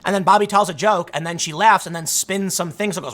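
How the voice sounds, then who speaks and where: A man's voice: fairly high pitch, quick pace, a bit bright. A man hosting solo political commentary, talking emphatically and arguing his point. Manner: emphatic, argumentative, acts out quotes in other voices.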